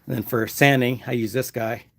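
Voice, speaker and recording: A man casually explaining his woodturning setup on a live stream, in a relaxed, chatty way. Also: medium pitch, fairly quick, gravelly, background noise.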